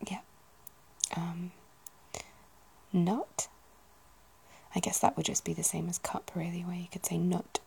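A woman musing softly in a whispered ASMR chat, gently poking fun at herself. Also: on the low side, completely flat delivery, moderate pace, gravelly, slight background noise, low-quality recording. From United Kingdom. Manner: soft, self-deprecating, musing aloud. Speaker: ASMR video host.

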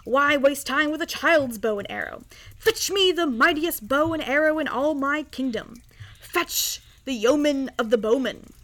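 Woman doing a loud blustering king. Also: sits high, moderate pace. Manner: loud and commanding. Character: blustering impatient male king.

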